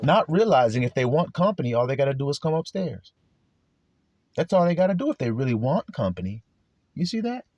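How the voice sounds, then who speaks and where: Husky, lively preacher man, blunt and profane. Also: mid-range voice, fairly quick, no echo, lo-fi sound. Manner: blunt and profane, acts out quarrels in voices. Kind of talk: sermon.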